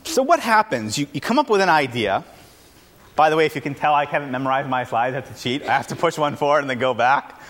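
A man giving an informal, energetic talk to a live audience as an entrepreneur, with punchy lines and self-deprecating asides. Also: medium pitch, fast.

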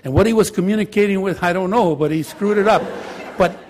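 With slight background noise, an older former high school teacher and counselor tells a joking story to an audience. His voice is high-pitched, brisk, and a little mellow, and he switches into Spanish along the way.

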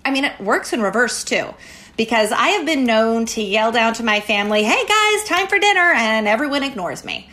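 A woman giving parenting advice as a guest, speaking with energy and emphasis. Her voice sits a little high, and she comes back again and again to a short catchphrase. She sounds like an experienced educator coaching parents. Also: brisk. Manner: energetic, emphatic, repeats key phrases. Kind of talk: advice talk.

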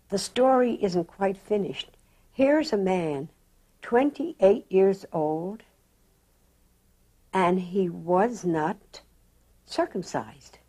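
Slow-talking elderly woman telling her life story. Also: lowish voice. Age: older. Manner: slow, reflective, animated in quotes. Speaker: interviewee. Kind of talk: oral history storytelling.

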